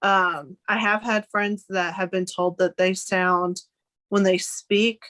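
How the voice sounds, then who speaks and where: A woman's voice: mid-range voice, flat delivery, takes it slowly, a bit bright. A young woman from Arkansas, a podcast guest, speaking earnestly in a casual, conversational way. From Arkansas, United States. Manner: earnest, with frequent "like" and "um" fillers.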